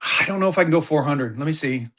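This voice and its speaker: Fast sales patter comes from a seller running a live online auction. They grow excitable as bids come in, and their voice shoots up when the bidding heats up, all rapid hype and repeated phrases.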